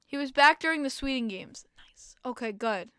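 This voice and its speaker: A woman's voice: high-pitched, lively intonation, normal speed, a bit bright, smooth, dry recording, clean studio sound. A young woman hosting a casual hockey podcast stream, chatty and opinionated, answering chat and sounding tired. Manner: chatty, opinionated fan reading chat comments. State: tired, yawning. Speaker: podcast host.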